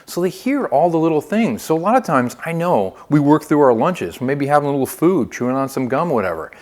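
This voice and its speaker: Talking fast with a slightly high voice, a man leads a phone sales training lesson. His coaching is upbeat, his inflection lively, and he keeps checking in with "okay?"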